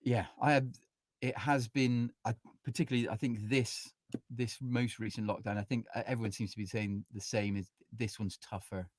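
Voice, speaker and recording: Casting note: chatty male musician-teacher, mid pitch, rambling and self-interrupting, dry close sound. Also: fairly even intonation, moderate pace, dry recording. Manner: rambling, full of "you know", acts out quotes. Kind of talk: casual interview chat.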